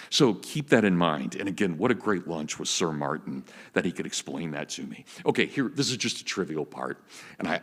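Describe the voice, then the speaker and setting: Man in his fifties, very low husky voice, eager storytelling lecturer, reverberant auditorium. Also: fairly bright tone. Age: 50s. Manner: enthusiastic storyteller. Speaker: guest lecturer. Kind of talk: public lecture with anecdotes.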